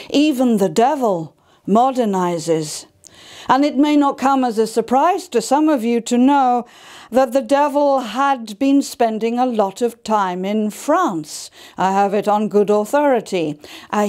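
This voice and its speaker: Slow, wry woman storyteller. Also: fairly high pitch, a little mellow. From Cotswolds, England. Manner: wry, theatrical, chats with audience. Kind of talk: live folk storytelling.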